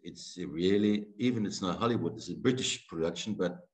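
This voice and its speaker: A man with a German accent, an actor guest telling lively anecdotes in a casual interview, often laughing. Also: deep voice, a little fast. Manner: animated storytelling, playful laughs.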